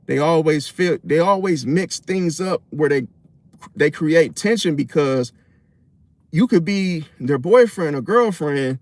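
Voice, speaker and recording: A man's voice: a little high, lively intonation, slow pace, a little mellow, no room sound. A man in a casual, rambling monologue about relationships and astrology, slangy and profane, full of fillers.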